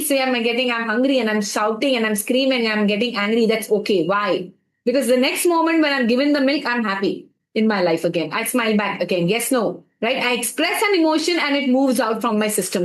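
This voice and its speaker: Fairly high-pitched, this woman is heard in an echoey room on a rough recording. Her motivational live stream coaching, in Indian-accented English sprinkled with Hindi, keeps prompting the chat to reply again and again.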